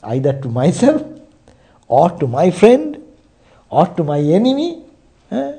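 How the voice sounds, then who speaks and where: A spiritual teacher delivers a sermon in a high, dark-toned male voice that swings hugely in pitch and moves a little slowly. He tells stories and keeps checking in with the listener through frequent rhetorical "eh?" asides.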